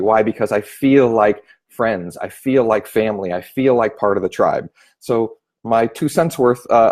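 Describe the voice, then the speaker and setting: Male sales trainer, lively, acts out callers mid-talk. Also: lowish voice. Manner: animated, acts out phone voices. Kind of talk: spoken training tip.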